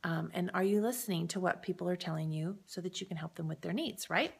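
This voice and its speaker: A woman's voice: on the low side, fast, creaky, husky. A woman giving an upbeat, casual sales training talk, chatting straight to the viewer and often checking in with them. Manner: upbeat and encouraging. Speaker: direct-sales presenter.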